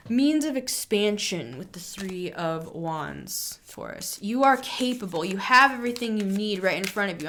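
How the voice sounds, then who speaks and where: A woman's voice: medium pitch, fairly bright tone. Earnest woman giving a tarot reading. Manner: earnest, reassuring, musing with many fillers. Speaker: tarot reader. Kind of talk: casual spoken tarot reading.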